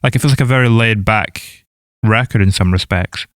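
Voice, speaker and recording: Smooth-voiced podcast host, close and dry. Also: male voice, on the low side, moderate pace, dry recording. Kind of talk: interviewing on a podcast.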